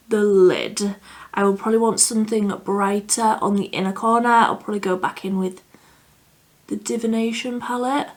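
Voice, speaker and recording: A woman's voice: medium pitch, fairly even intonation, moderate pace. A young woman chatting through a makeup tutorial, thinking aloud and laughing at herself. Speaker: beauty vlogger. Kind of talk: casual makeup tutorial chat.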